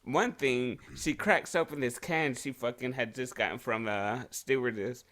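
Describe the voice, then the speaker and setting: Bright-voiced man telling crude stories. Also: medium pitch, unhurried. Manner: crude, laughs often while telling stories. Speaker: podcast co-host. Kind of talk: casual storytelling chat.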